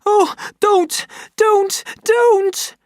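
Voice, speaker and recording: A narrator voicing a bitter, volatile young woman who shouts shrilly in an audiobook story. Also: extremely high pitch, fairly even intonation, very slow, no room sound, clean studio sound, pitched above the performer's own voice, full character voice. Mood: pained. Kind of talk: audiobook character voice.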